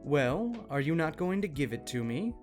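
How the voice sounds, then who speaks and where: A man's voice: a little high, sing-song, moderate pace, faint music behind. A man voicing a rude, entitled mother in a read-out story, demanding and dismissive.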